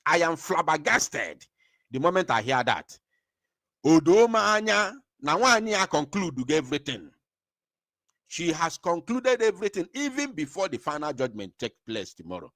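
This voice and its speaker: Emphatic male commentator, slightly high voice, very animated delivery. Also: normal speed, no echo, studio quality. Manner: fiery, emphatic, mixes Igbo and English. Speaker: political commentator. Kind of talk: impassioned commentary.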